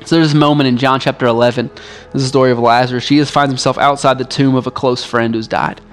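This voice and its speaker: A male pastor delivering a sermon in a relaxed, conversational way, often dropping in "like" as he speaks. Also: medium pitch, quick pace, soft background music. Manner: casual, conversational preaching with frequent "like".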